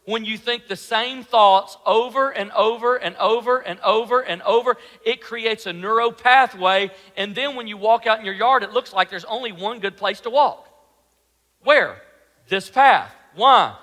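High-voiced, bright male preacher in a hall. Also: unhurried. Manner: animated preaching, rhetorical questions, drops to a soft low voice. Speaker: pastor. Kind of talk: sermon.

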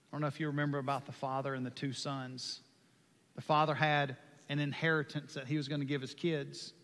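Preacher guy, fired up, bright sharp voice, big hall echo. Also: mid-range voice, little pitch movement, fairly quick. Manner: impassioned, swings from hushed to loud. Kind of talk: sermon. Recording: long hall reverb.

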